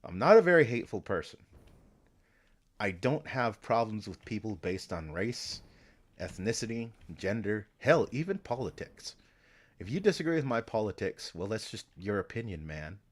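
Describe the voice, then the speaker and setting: A man with a fairly low voice rambles on a live stream. He thinks out loud, drops casual swear words and keeps circling back and restarting his sentences. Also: very animated, normal speed. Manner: meandering, swears often, trails off and restarts.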